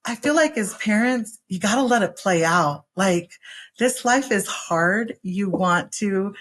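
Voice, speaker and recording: A woman's voice: mid-range voice, expressive, unhurried, a bit bright. A woman co-hosting a podcast about parenting, speaking earnestly and encouragingly and laughing often. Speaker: podcast co-host, mother. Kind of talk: casual chat.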